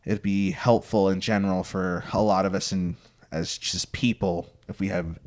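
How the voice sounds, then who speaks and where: A man's voice: low voice, steady tone, normal speed, darkish tone. A young man hosting a podcast, chatty and playful as he sets up hypothetical scenarios. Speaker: podcast host. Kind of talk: casual podcast chat.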